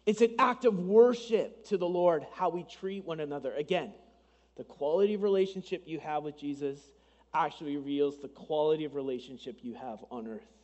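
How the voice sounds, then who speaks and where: A man with a noticeably high voice delivers a Sunday sermon from the pulpit. He keeps it conversational, slipping in asides and acting out little bits of dialogue. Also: brisk, darkish tone, big-room sound, highs cut off. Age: adult, married. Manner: conversational preaching with asides and dramatized quotes. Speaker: pastor.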